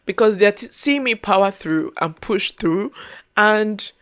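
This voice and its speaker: This young woman's medium-pitched voice is fairly bright and measured in pace. As a content creator and podcast host talking casually to camera, she speaks earnestly from the heart, repeats herself, and is nearly crying.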